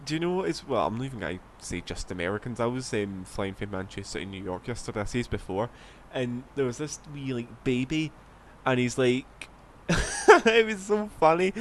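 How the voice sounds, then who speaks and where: A man's voice: medium pitch, big pitch swings, a little fast, slight background noise. A man with a Scottish accent, rambling casually as he streams a flight sim, swearing now and then. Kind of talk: casual gameplay commentary.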